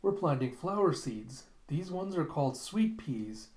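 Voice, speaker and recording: A man voicing a kind, plainspoken young female cyborg fighter, talking gently and matter-of-factly in a slightly raised voice, recorded in a roomy space. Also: fairly high pitch, expressive, a little slow. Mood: gentle. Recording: roomy echo.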